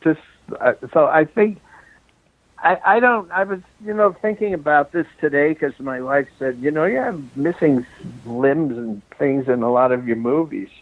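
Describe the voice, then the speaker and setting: Over a tinny, dry phone line, an older film director with a fairly high-pitched voice tells rambling anecdotes in a casual interview. He talks at normal speed, chuckles, restarts his sentences, and sounds a bit out of breath as he walks around.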